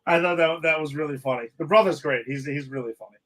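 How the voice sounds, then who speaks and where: A man's voice: fairly high pitch, quick pace, fairly bright tone, low-quality recording. A man co-hosting a podcast, casually recapping TV episodes and retelling scenes in a rambling way. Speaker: podcast co-host.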